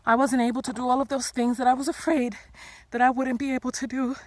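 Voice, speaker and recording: A woman giving earnest life advice in a vlog, filmed outdoors in the snow, repeating phrases and swinging between loud and hushed. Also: high-pitched, level tone, fast, slight background noise. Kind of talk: motivational vlog.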